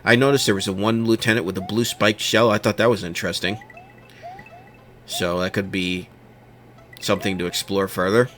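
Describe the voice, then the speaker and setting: A man's voice: on the low side, moderate pace, long pauses, slight background noise. Opinionated man ranting on a commentary show. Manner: opinionated, animated rants with mocking quoted voices.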